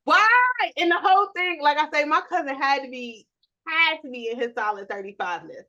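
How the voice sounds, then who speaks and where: Woman, high pitch, bright tone, animated storyteller, casual podcast chat. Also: a little fast, muffled recording. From New York. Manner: animated, acts out quotes, explicit. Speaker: podcast co-host.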